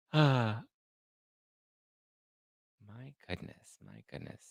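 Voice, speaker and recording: Sassy guy hosting a live chat show, voice jumps all over the place, gravelly fry, dry close mic. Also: medium pitch, no room sound. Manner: sassy, animated, quick to fire up with bursts of loud outrage. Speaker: podcast host reading live chat. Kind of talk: casual livestream chat.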